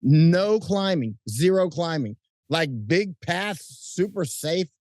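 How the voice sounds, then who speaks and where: A middle-aged man chatting outdoors at night as an interview guest, telling animated stories with frequent restarts and chuckles. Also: on the high side, takes it slowly, dry recording, studio quality. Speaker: interview guest, combat correspondent. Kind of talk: casual interview chat. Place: outdoors at night under lights.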